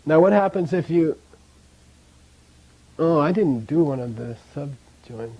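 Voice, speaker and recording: Husky and on the high side, the man's voice stays animated at a measured pace as he teaches language, drilling pronunciation through repeated sounds and checks with his students. His phrases often drop quiet at the end, and the sound is lo-fi.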